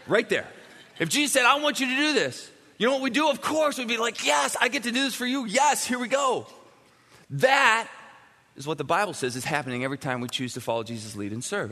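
Man preaching, high lively voice, bright tone, long hall reverb, emphatic. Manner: animated, emphatic preaching with sudden drops to quiet. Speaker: pastor. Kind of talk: sermon.

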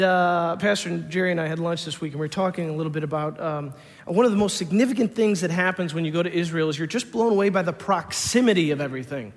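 A male pastor tells a story in a loose, conversational sermon style, often stopping and restarting his phrases. His voice sits noticeably high for a man. A long hall reverb hangs on his words.

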